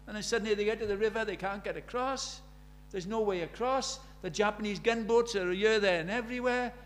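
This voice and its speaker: A man's voice: high-pitched, brisk. A man preaching a sermon, emphatic and storytelling, firing rhetorical questions at the congregation.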